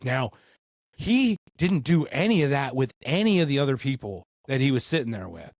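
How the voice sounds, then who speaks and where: A man's voice: mid-range voice, moderate pace, dry recording. A man from Philadelphia telling a story in casual conversation, acting out what other people said. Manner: animated, acts out other people's lines. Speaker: podcast guest.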